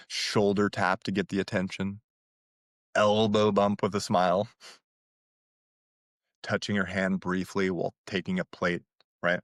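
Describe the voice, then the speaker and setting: On his dating-advice podcast, a low-voiced man takes a casual coaching tone, pumping up listeners and asking "right?" nonstop. He acts out sample lines in a livelier voice, and the studio-quality audio has no room sound.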